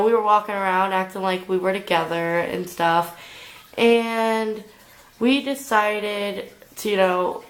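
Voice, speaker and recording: A woman's voice: mid-range voice, fairly bright tone, low-quality recording. A young adult woman telling a storytime vlog, rambling along with lots of filler "like"s. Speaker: vlogger.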